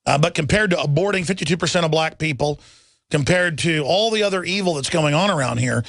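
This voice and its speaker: A middle-aged male radio host with a gravelly, somewhat high voice, talking urgently and with heavy emphasis. He rattles through headlines in an impassioned monologue. The sound is close and dry. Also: a little fast, a bit bright, no echo. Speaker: radio talk show host.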